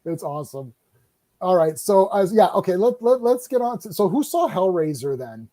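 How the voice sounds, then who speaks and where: A man hosting a casual online horror discussion, talking excitedly with lots of laughter. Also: sits high, moderate pace. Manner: excited, laughing, acts out scenes. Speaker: stream host. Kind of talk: casual chat about horror shows.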